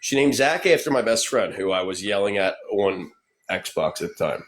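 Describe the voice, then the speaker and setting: A man's voice: on the low side, lively intonation, moderate pace. A man chatting casually on a live stream, crude and sardonic, swearing often. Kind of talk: casual chat. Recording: faint background noise.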